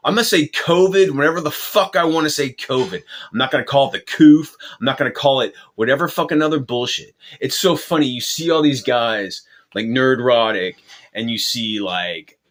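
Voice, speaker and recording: A man's voice: fairly high pitch, big pitch swings, moderate pace, a bit bright. A man hosting his own channel, delivering an angry, profane rant with lots of swearing and restarts. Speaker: channel host.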